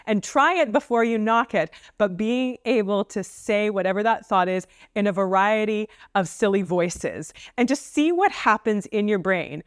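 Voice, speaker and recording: Woman counsellor, mid pitch, dry close sound, playful chatty delivery. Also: moderate pace, few pauses, no echo. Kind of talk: casual advice talk to camera.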